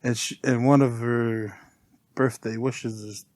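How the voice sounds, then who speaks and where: A middle-aged man, a podcast guest telling heartfelt personal stories in a soft, unhurried way and often laughing. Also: mid-range voice, fairly even intonation, no echo. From New Zealand. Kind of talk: casual chat, personal storytelling.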